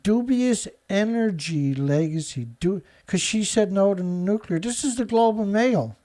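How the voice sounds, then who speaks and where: A man's voice: high-pitched, moderate pace, mellow. A man hosting his own show, reading news headlines aloud and answering them with sarcastic, indignant commentary. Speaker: show host.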